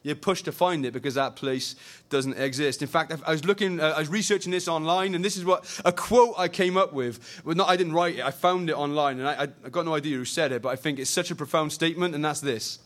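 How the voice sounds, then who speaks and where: Animated young preacher, fairly high voice. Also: male voice, quick pace. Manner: animated, swinging from loud emphasis to quiet earnestness. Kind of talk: sermon.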